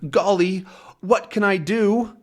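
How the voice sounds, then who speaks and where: A man voicing a small, excitable white dog from a comic, in a high, fretful, exclaiming voice. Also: takes it slowly. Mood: worried.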